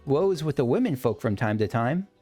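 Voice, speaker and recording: A man voicing a brisk, motherly woman who runs an adventurers' guild in a video game, breezy and teasing. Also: mid-range voice, animated, warm tone, slightly rough, faint music behind. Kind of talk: reading game dialogue aloud.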